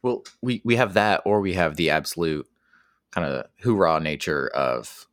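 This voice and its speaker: A man's voice: deep voice, normal speed, fairly bright tone, dry recording, studio quality. A man co-hosting a podcast, laying out his points in order in a thoughtful way. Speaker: podcast co-host. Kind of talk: casual discussion.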